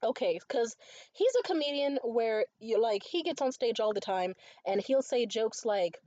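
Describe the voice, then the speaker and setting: A woman's voice: fairly high pitch, lively intonation, normal speed, mellow, no echo. A tired young woman ranting in a casual monologue, profane, exasperated and rambling. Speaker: stand-up comedian. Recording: muffled lo-fi recording.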